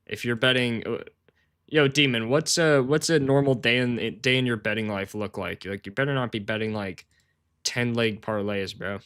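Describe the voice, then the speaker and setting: Smooth and fairly bright, a mid-range male voice at normal speed talks to his chat during a sports betting research stream. The talk is casual and rambling, slangy and self-deprecating, with plenty of laughs and "bro."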